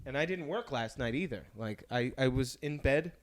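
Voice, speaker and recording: A man hosting a podcast in casual chat, rambling and halting, trailing off as he talks, with a slight slur at times. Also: mid-range voice, expressive, slight background noise. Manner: says his speech sometimes slurs slightly. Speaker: podcast host.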